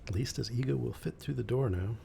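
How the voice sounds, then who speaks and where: A man's voice: mid-range voice, brisk, gravelly, dark tone, slight background noise. A man reading a classic mystery novel aloud, breaking off for dry joking asides.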